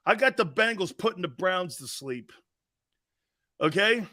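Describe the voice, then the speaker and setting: A middle-aged man hosting a sports talk show, telling stories loudly, laughing often and acting out what his friends and family said. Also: sits high, unhurried, pauses often. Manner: loud, laughing, excitable, acts out quotes from friends and family. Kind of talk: animated storytelling on a sports show.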